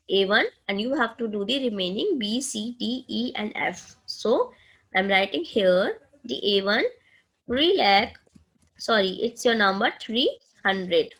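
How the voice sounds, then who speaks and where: Indian lady teacher, talks real slow, walks kids thru numbers step by step, keeps saying okay. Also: mid-range voice, fairly bright tone, poor audio. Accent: Indian English. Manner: slow and deliberate, addressing students, frequent "okay" checks. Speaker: maths teacher. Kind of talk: recorded classroom lesson.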